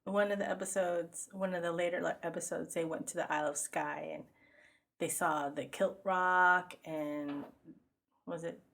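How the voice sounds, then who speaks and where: A woman's voice: fairly low pitch, steady tone, moderate pace, gravelly, a bit bright. A middle-aged woman co-hosting a podcast, telling stories in casual chat and laughing often. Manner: giggly, chatty storyteller. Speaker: podcast co-host.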